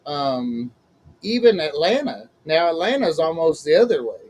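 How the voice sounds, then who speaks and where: High-voiced chatty man hosting. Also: sing-song, moderate pace, darkish tone, lo-fi sound. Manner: chatty, laughs often, folksy. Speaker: host, minister. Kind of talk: casual chat.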